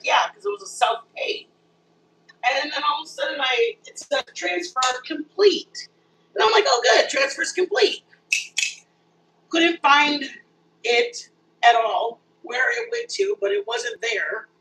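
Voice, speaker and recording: Woman, live cooking host, bright chatty delivery, a little off-mic with faint kitchen hum. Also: on the high side, moderate pace, distant mic, rough recording. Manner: chatty, animated, talks straight to viewers. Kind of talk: casual live cooking chat. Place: home kitchen.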